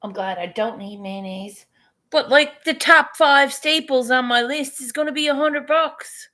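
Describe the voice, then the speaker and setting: Slow, chatty, swearing woman vlogger. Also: high-pitched, bright, forceful tone. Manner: chatty, swearing, laughs often. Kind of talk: casual morning chat.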